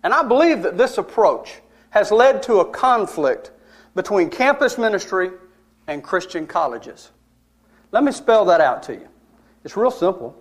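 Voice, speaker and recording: High-voiced man preaching a story. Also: very animated, unhurried. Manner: conversational, emphatic, with wry asides and laughs. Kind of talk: storytelling sermon.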